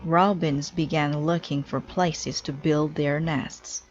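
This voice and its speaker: A woman reading a children's storybook aloud in a clear, deliberate storytelling way. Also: sits low, steady tone, muffled recording, slight background noise. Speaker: storybook reader. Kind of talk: children's read-aloud narration.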